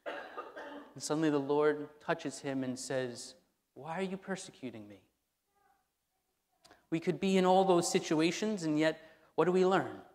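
A man's voice: on the high side, fairly even intonation, a little slow, darkish tone. Conversational male pastor in a reverberant church. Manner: conversational, repeats key phrases for emphasis. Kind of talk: sermon. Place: church sanctuary. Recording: long hall reverb in a church.

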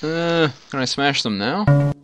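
A man's voice: fairly high pitch, slow pace, loud music behind the voice. A man casually commenting as he plays through a computer role-playing game, with wry, playful asides. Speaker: let's play host. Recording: steady background noise.

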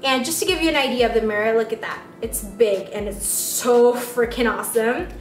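A young woman with a high, squeaky voice gushes over each product in a chatty, excitable beauty vlog. Her voice rings in a roomy space and sounds a little distant from the mic. Faint music plays underneath. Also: normal speed. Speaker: beauty vlogger. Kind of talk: casual unboxing vlog.

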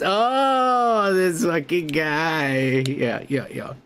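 A man's voice: high-pitched, lively intonation, unhurried, fairly bright tone. A man hosting a comedy podcast, reading viewer comments aloud and telling a story in a loose, casual way, swearing a lot and laughing often.

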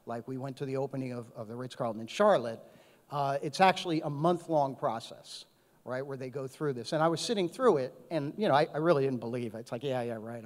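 Man, HR panelist, anecdotal, conversational, middle pitch, big hall reverb. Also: a little mellow. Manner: anecdotal, conversational with many "right?" tags. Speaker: panelist, HR executive. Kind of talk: panel discussion. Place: conference hall. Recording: echoey conference hall.

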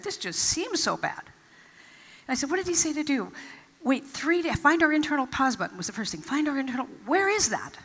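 A woman delivers an inspirational stage talk in a large event hall, her voice bright and fairly high. She tells personal stories and acts out quotes, leaning on emphatic pauses. Long reverb from the hall trails her words. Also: sing-song. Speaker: motivational speaker.

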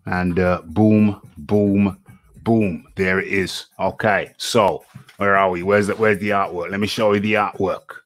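Slow, dry-voiced man hosting a boxing show. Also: low-pitched, steady tone, no echo, faint music behind. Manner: chatty, repeats phrases, narrates his setup. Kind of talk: live online interview show.

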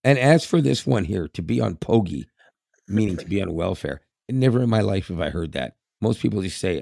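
A man's voice: sits low, expressive, brisk, vocal fry, dark tone, no echo, clean studio sound. A Canadian man in his fifties with a Canadian accent, co-hosting a podcast in casual, rambling chat with frequent laughs. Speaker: podcast co-host.

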